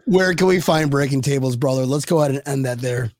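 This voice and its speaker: A man co-hosting a sports fan podcast, rambling and hyped, with loud bursts of laughter and yelling. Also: medium pitch, quick pace, no room sound, studio quality. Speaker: podcast co-host. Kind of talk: excited sports fan chat.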